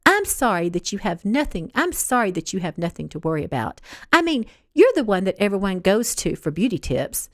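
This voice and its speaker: A sassy, quick-tempered young woman, as a female narrator plays her, with a sarcastic, mocking edge to her lines. Her pitch moves a lot, and the sound is close and dry. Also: big pitch swings, dry recording, lightly acted.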